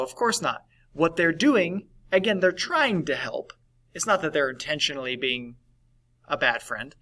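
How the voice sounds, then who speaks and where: A man's voice: fairly high pitch, fairly bright tone, rough recording. A man teaching a recorded lesson in a conversational way, often checking in with "right?". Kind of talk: recorded class lesson on validation.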